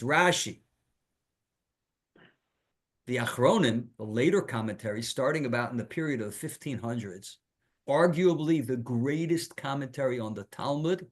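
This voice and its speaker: A man with a somewhat higher voice delivers a Torah lecture as a rabbi. He teaches in an animated, emphatic way, posing rhetorical questions and weaving in Hebrew terms.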